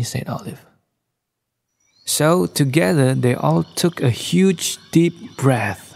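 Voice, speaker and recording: Guy reading a kids bedtime story real slow, gravelly husky voice, studio mic. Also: on the high side. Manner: slow, gentle read-aloud delivery. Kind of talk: scripted bedtime story narration. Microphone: studio microphone.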